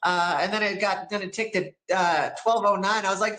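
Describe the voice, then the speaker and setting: Bright, animated American woman, guest storyteller, recorded with room echo. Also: medium pitch, brisk, a little hiss or hum. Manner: animated, acts out quoted people in her story. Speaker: interview guest. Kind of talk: casual storytelling.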